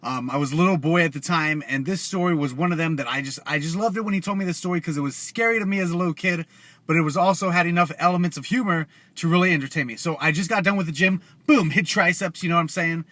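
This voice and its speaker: A young man spinning a spooky bedtime tale in a loose, chatty way, dropping slangy asides. His voice sits high for a man and sounds bright and sharp. It is close and dry, with no room around it. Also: fast talker, no room sound. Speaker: YouTuber. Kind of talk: casual storytelling.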